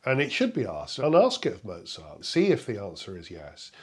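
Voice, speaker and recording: A man's voice: on the low side, wildly swooping pitch, normal speed, husky. A man with an English accent, giving an enthusiastic and explanatory lecture on music analysis while thinking aloud. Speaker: music professor. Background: piano music.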